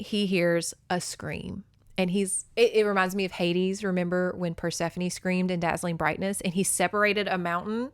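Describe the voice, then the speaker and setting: A woman's voice: lowish voice, no echo, clean studio sound. A woman hosting a podcast, recapping a romance novel in a chatty, profane way with lots of fillers. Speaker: podcast host. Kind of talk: casual book recap.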